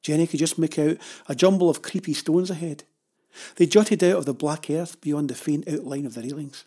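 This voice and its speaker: Husky-voiced storybook narrator. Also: medium pitch. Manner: steady, measured storytelling. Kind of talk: children's story reading.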